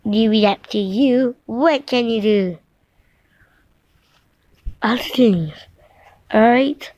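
A woman spins a playful, improvised story at a very slow, unhurried pace, hopping between characters and repeating words. Her voice sits a bit high, and the recording is dry and close, with no room around it. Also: a little mellow, no room sound, dull audio. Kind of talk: improvised toy play storytelling.

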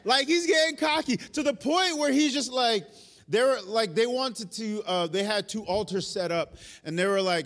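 A male pastor, preaching an animated, storytelling sermon in a church. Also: extremely high pitch, moderate pace. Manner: animated, storytelling, self-aware asides. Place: church sanctuary.

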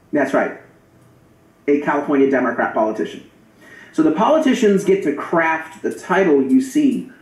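A man's voice: medium pitch, darkish tone. A man delivering an emphatic, argumentative campaign address to voters, repeating key phrases for effect. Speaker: political campaigner. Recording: roomy echo.

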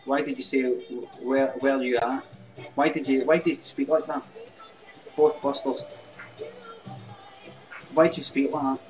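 A Scottish man rants sarcastically into his webcam, mocking and swearing as he goes. His voice sits at a middling pitch. The recording is dull and lo-fi, with faint music in the background. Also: moderate pace, pauses often. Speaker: webcam show host. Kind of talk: live webcam comedy rant. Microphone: webcam mic.

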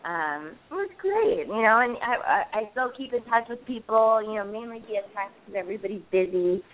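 A woman's voice: medium pitch, animated, fairly quick. A woman in her thirties, an actress being interviewed, talking casually with lots of fillers and restarts. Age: 30s. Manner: chatty, many fillers and restarts, playful. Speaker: actress guest. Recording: phone line.

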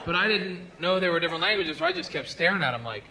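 Loud, animated stand-up comedian man. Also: sits high, fast talker, vocal fry. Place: comedy stage before a live audience. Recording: live stand-up with loud crowd noise.

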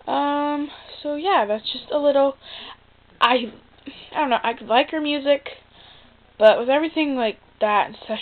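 A young woman giving her opinion in a casual vlog, talking in a chatty, exasperated way with lots of fillers. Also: on the high side. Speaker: vlogger. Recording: tinny lo-fi phone-like sound.

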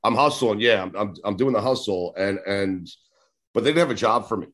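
Low-voiced man in his forties, rambling storyteller. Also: fairly quick, a bit bright. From New York. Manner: rambling, acts out old conversations, swears casually. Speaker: sports radio host, podcast guest. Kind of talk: casual interview storytelling.

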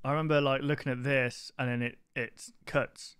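Over some background noise, a male streamer comments on his game at a moderate pace, his medium-pitched voice staying level. He wanders off topic readily and curses a lot.

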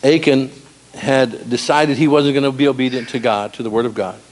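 A man preaching a sermon in a church, animated and storytelling with humor. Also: mid-range voice, brisk. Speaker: pastor. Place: church sanctuary.

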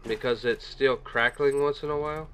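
A man's voice: medium pitch, fairly even intonation, moderate pace, fairly bright tone, clear, resonant tone. A man casually commenting on his own gameplay in a rambling, chatty way, with his microphone set a little way off. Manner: chatty, rambling, talks to himself. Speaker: gaming video creator. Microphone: desk microphone set a little far away. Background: game music.

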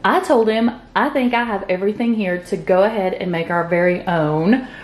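A woman's voice: medium pitch, moderate pace. A woman with a Southern US accent, chatting casually while reviewing keto snacks for her vlog. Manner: chatty, laid-back, talks while chewing. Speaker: keto vlogger. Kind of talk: casual chat, food review.

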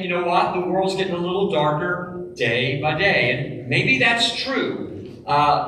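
A man preaching a sermon as pastor, emphatic, dropping low and quiet on key phrases. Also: slight background noise. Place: church sanctuary. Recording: echoey church hall, mic from a distance.

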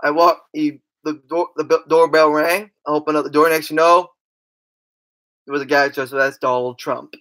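A woman's voice: sits low, steady tone, normal speed, fairly bright tone. A woman telling comedy stories in a rambling, stumbling way, with crude, brash asides. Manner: rambling, stumbling storytelling with restarts. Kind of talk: stand-up style comedy bits.

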